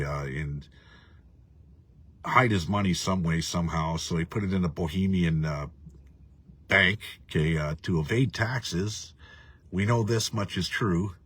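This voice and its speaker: Deep husky-voiced man ranting. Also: pushed and bright, no room sound. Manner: profane, rambling, laughs often. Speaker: livestream host reading viewer comments. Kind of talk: casual ranting live chat.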